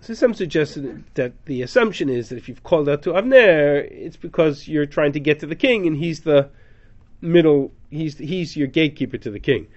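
A Torah teacher leads a text study class, reading Hebrew verses aloud and translating them dramatically. His voice is a little high, with lively intonation and a moderate pace. The class recording is dull and lo-fi.

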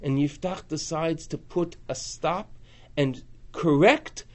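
A man teaching a class on a biblical book, animated, acting out the voices in his quotes. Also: fairly high pitch, slow pace. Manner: animated, acts out voices in quotes, rising and falling in loudness.

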